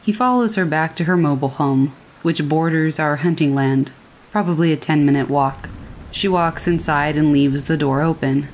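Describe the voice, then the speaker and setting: A woman narrating horror stories in a calm, steady way, as a scripted reading. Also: deep voice, normal speed, a little hiss or hum, poor audio. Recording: faint rain behind the voice. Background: rain falling.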